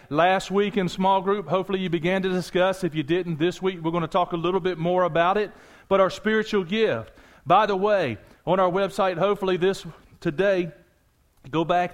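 A high-pitched man gives a sermon as pastor, speaking straight to his congregation. His delivery is lively and conversational, sprinkled with asides and jokes.

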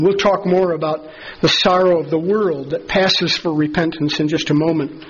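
A man preaching a sermon as pastor, earnest and measured, slowing down to stress key phrases. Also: on the high side, fairly even intonation, slightly rough, highs cut off.

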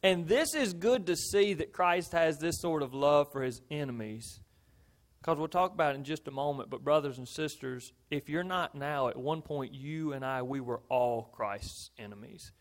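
A man preaching a sermon in an earnest manner, swelling to emphatic points and dropping low and soft. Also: moderate pace. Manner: earnest, rises to emphatic then drops low.

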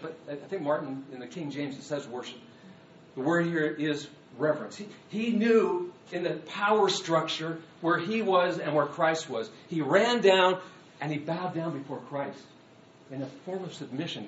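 A man preaching a sermon, animated, moving between hushed asides and loud dramatic readings. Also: on the high side, slight background noise. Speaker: pastor. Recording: echoey room, distant mic, dull sound.

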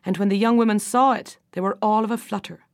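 A woman narrating a folk fairy tale in an unhurried storytelling manner. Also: medium pitch, steady tone.

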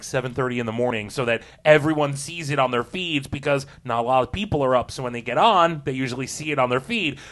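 A man's voice: a little high, a bit bright. A man co-hosting a podcast, telling a story in casual chat and laughing often. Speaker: podcast co-host.

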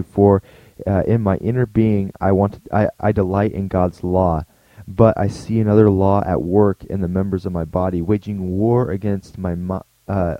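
A man's voice: sits low, no echo, highs cut off. A man giving a short, earnest daily devotional talk as a pastor, speaking conversationally and often restarting his sentences.

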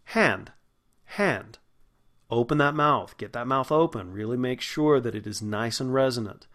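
A man's voice: mid-range voice, a bit bright. A man, hosting an acting podcast and patiently teaching vowel sounds. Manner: patient, instructive, demonstrates sounds slowly. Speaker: acting and dialect coach, podcast host. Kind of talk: spoken lesson on vowel sounds.

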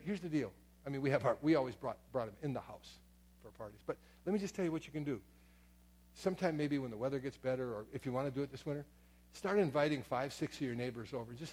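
A man's voice: mid-range voice, fairly quick, a little mellow, soft background music. Conversational middle-aged male pastor preaching. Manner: conversational preaching with frequent asides and repetitions. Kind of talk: sermon. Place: church sanctuary.

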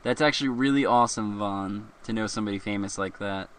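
A man's voice: fairly low pitch, fast, fairly bright tone, slight background noise. Rambling, jokey male show host. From Philadelphia area, US. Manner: rambling, jokey, laughs often. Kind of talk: casual live show chat.

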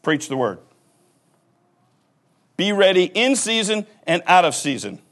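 Pastor guy preaching, high voice that swoops all over, folksy and jokey. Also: measured pace. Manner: folksy, joking, animated preaching. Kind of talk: sermon. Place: church.

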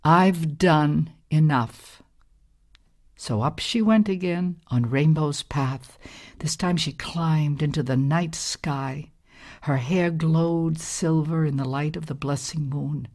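A woman reads a storybook aloud in a calm, gentle, measured voice. Her voice sits low, and she takes an unhurried pace.

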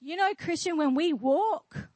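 A woman's voice: very high voice, a little slow, darkish tone, dry recording, poor audio. A woman pastor preaching a sermon in church, declaring and asking the congregation questions.

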